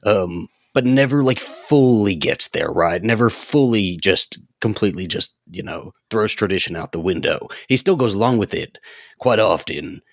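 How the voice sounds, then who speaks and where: A man's voice: lowish voice, creaky, no echo, studio quality. A man on a podcast, chatting casually and opinionated, stumbling over restarts and swearing. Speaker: podcast co-host.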